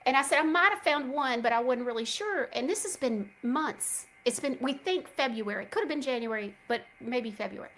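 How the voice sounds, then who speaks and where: A woman's voice: high voice, a little hiss or hum, rough recording. A middle-aged woman, hosting a show and telling a chatty story straight to her listeners. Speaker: host. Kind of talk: casual chat.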